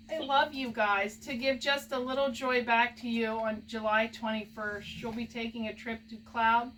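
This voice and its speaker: A woman's voice: on the high side, fairly bright tone, distant mic, a little hiss or hum, low-quality recording. A woman opening gifts from fans on a home video, gushing, laughing often and using baby talk with her pet. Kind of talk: casual home video chat.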